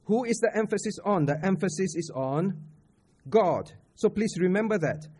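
A man's voice: high-pitched, lively intonation, moderate pace, a little mellow, breathy edge. A man with a Singaporean English accent preaching a sermon at a church camp. He talks to the audience conversationally, asks questions and repeats his points. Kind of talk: sermon teaching on scripture.

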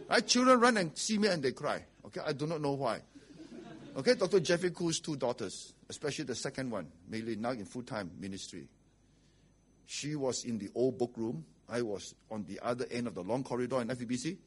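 A man's voice: medium pitch, animated, brisk, a bit bright, slightly rough. A man preaching a sermon as pastor, blunt and rhetorical, often asking "okay?" and "right?".

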